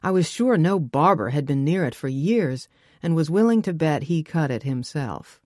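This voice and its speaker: A woman with a notably low voice narrates a first-person audiobook. Her telling is wry and brisk, recorded dry and close with no room sound. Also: expressive, darkish tone, no echo.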